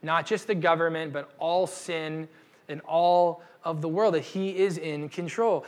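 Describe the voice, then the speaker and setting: A young man giving a casual, humorous sermon as a pastor, acting out the people in the story with slang and quick asides. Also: on the high side. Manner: animated, acts out quoted voices with slang. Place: church gathering.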